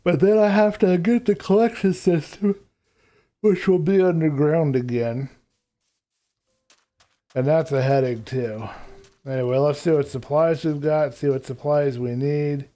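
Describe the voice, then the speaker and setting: A man's voice: on the high side, fairly even intonation, measured pace, pauses often, warm tone. A man streaming live gameplay, rambling casually as he thinks aloud about what to build next. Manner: thinks aloud while planning.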